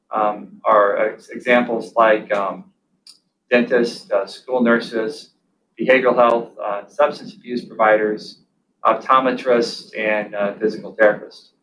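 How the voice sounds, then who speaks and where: Male official at a briefing, even measured delivery, light noise under the voice. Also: medium pitch, rough recording. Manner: flat, measured reading. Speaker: county official. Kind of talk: prepared public statement.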